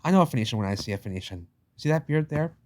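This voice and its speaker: A man ranting his way through a picture book in a loose, slangy commentary. He is emphatic and repetitive, drops casual swears and talks straight to the listener. His voice sits at an ordinary middle pitch for a man. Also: lively intonation, racing, a little mellow. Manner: slangy, addresses listener as "baby". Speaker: channel host.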